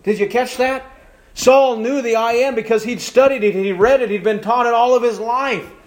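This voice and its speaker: A man with a high voice preaches from the pulpit, dropping to near-hushed tones and then rising again, stretching out key words. The sound is roomy, and his voice rings off the walls of the church sanctuary. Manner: preaching with wide swings between hushed and raised passages, slowing for emphasis. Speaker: pastor. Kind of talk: sermon. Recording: echoey church room.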